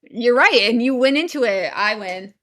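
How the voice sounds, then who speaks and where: A woman's voice: a little high, lively intonation, moderate pace, fairly bright tone, slight background noise. A woman co-hosting a podcast, sarcastic and teasing with crude banter. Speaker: podcast co-host. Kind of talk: casual crude commentary.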